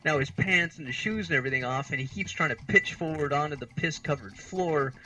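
Pitched a little high, the man's voice is bright and forceful and moves fairly quickly. He's a podcast co-host from the United States in his thirties, rambling through exasperated, self-deprecating comic stories, and the audio is poor.

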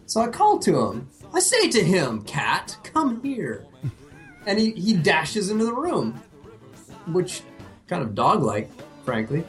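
A man co-hosting a podcast, telling a story in a casual, comedic way, animated and profane, laughing at himself. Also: sits high, measured pace, pauses often, faint music behind. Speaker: podcast co-host.

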